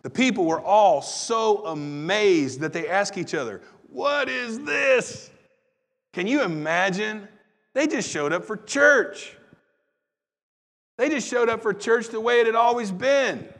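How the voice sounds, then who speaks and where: A male pastor delivers a sermon with a slightly raised pitch, retelling a story with lively, dramatic swings in volume. His voice rings out through a large hall with a long reverb tail. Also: measured pace. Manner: animated storytelling, swings from loud to hushed.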